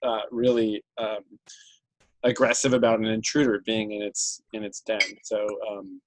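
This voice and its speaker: Halting man running a tabletop game. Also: fairly low pitch, little pitch movement, poor audio. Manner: halting, thinks aloud with many ums. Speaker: game master.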